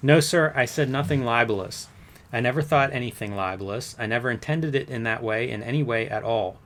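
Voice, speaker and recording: A man acting out a defensive witness on the stand in a courtroom transcript reading. He answers in short, curt denials. His voice sits at an ordinary male pitch. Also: fairly quick, a bit bright, close to an everyday voice. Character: defensive male witness testifying under oath. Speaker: witness under cross-examination.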